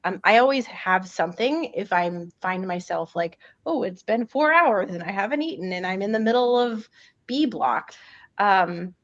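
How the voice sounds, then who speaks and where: A woman's voice: medium pitch, lively intonation, normal speed, fairly bright tone, dry recording. A woman coach giving casual nutrition advice on a group video call, chatty, with frequent laughs and ums. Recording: muffled video-call audio.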